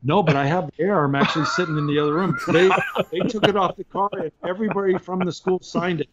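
Slightly high-voiced male guest, laughs through his anecdotes, lightly dulled podcast sound. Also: fairly even intonation, fast, dull audio, very noisy. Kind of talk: casual storytelling.

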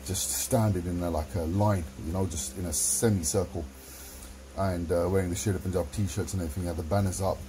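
A middle-aged man with a very low, dark voice speaks in a blunt, casual monologue. He swears heavily. Faint hiss runs under the recording. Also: poor audio. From London. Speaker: vlogger.

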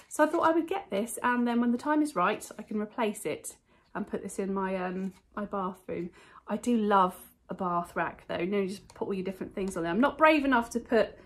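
A woman with a British accent chatting casually to camera at home, showing off thrifted finds in a rambling, enthusiastic way. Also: mid-range voice. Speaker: vlogger showing a thrift haul. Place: at home, indoors.

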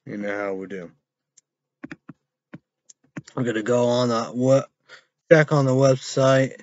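A man's voice: medium pitch, slow, a little mellow, dry recording, lo-fi sound. A man rambling and swearing through a casual vlog, trailing off into mumbles. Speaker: vlogger reviewing an energy drink.

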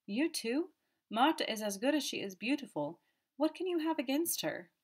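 A man's voice: sits high, natural voice. A woman voicing a haughty, hot-tempered young man who turns sullen and defiant. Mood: pleading. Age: young adult. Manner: sullen, quick to flare up.

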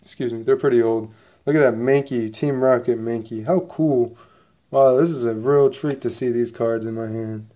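An excitable man chats to his viewers in a loose, rambling unboxing vlog, his voice sitting at an ordinary middle pitch. He sounds a bit sniffly, as if a cold is coming on. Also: moderate pace. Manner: excitable, rambling, chatty, talks straight to viewers. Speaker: channel host opening trading cards.

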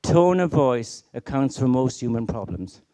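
A man's voice: mid-range voice, sing-song, a little slow, dark tone. A middle-aged man giving a conference keynote, emphatic and full of rhetorical questions and stories. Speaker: keynote speaker.

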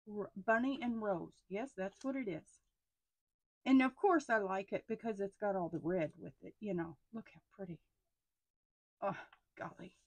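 A middle-aged woman with a drawl gushes over her haul in an unhurried, drawn-out way. Her voice sits a little high and sounds close and dry, with no room around it. She often drops to hushed, breathy asides. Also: no echo. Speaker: stationery haul vlogger. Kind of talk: casual unboxing chat.

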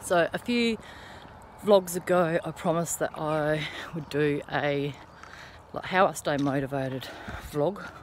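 A woman in her thirties vlogs on an early morning walk outdoors, talking slowly in a low voice, with a little hiss or hum audible. She's chatty and speaks encouragingly straight to the camera.

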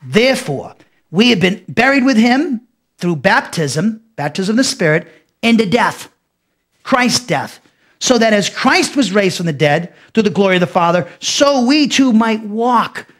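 A man's voice: sits high, sing-song, unhurried, a bit bright. A man teaching a Bible lesson as pastor, emphatic, often restarting and repeating phrases.

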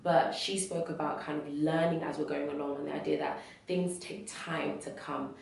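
A young woman giving a thoughtful, measured interview answer, pausing with fillers as she reflects. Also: deep voice, steady tone, gravelly, a little hiss or hum. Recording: echoey room, distant mic.

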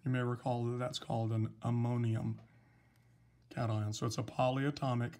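Guy teaching chemistry in a recorded lecture, patient, talks it through step by step, pitch kinda middle. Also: flat delivery, dark tone. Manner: patient, explains slowly with fillers. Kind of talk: recorded lecture, writing examples.

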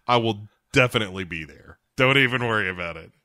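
A man with a mid-pitched voice tells a movie plot for his podcast, dry and mocking. His delivery is animated and bright, recorded close in a dry room. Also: fast, no room sound. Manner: wry storyteller, quoting the cat in mock voices. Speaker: podcast co-host. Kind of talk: casual movie recap chat.

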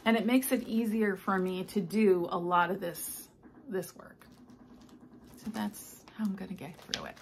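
Chatty older woman with gravelly fry. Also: mid-range voice, fairly even intonation, measured pace, slight background noise. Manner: chatty, rambling, with many fillers. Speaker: stitching vlogger. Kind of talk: casual chat. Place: home. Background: household noises, clock and ice maker.

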